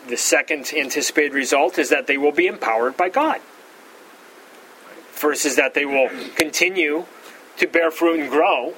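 A pastor giving an expository Bible teaching, repeating words and saying "all right" often, rising in pitch to stress key points. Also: male voice, fairly bright tone, a little hiss or hum, poor audio. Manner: rises in pitch for emphasis.

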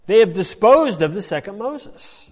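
A man giving a Bible study lecture in an animated way, often checking in with "right?". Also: high-pitched, measured pace, big-room sound. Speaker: Bible teacher.

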